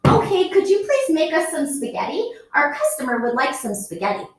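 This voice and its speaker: A woman's voice: high-pitched, huge pitch swings, a little fast, echoey room, pitched above the performer's own voice. A woman playing a sing-song pretend waitress. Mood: cheerful. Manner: bright, overly polite sing-song greetings. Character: cheerful pretend restaurant server, woman.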